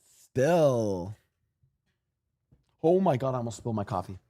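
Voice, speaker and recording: A man's voice: mid-range voice, very animated, unhurried, dark tone, no echo. A man streaming and reacting to clips, rambling animatedly and talking to his chat.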